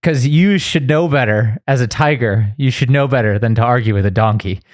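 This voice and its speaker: A man's voice: mid-range voice, fairly quick, no echo, studio quality, natural voice. A man voicing a stern male lion king in a spoken fable, in a matter-of-fact way. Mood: scolding.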